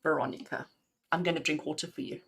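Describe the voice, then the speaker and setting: A woman's voice: deep voice, steady tone, fast talker, creaky, fairly bright tone, husky. A middle-aged woman doing spiritual readings for viewers on a live stream, chatty and affectionate, often laughing and calling people "my darling". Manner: laughs often between messages. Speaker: intuitive reader.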